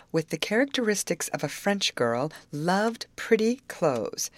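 A woman with a low voice reads an old novel aloud in a steady, measured way. The recording is close and dry, with no room sound. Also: no echo. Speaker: audiobook reader. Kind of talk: audiobook narration.

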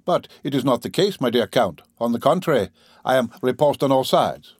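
A man reading a chatty young French viscount in an audiobook, in an animated, slightly raised voice. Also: mid-range voice, fairly quick, slightly rough, dry recording, studio quality. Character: young male French viscount, lively and gossipy. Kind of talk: audiobook character voice.

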